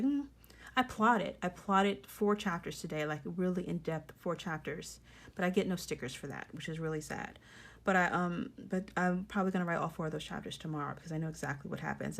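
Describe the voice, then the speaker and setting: A woman's voice: mid-range voice, gravelly. A woman in her forties, a romance author, chatting casually and rambling with plenty of fillers as she flips through her journal.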